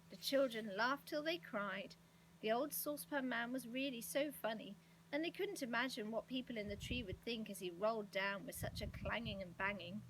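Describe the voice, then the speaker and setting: A woman reading a children's storybook aloud with expressive, lively delivery. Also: fairly high pitch, moderate pace, a little hiss or hum, rough recording. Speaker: storybook reader.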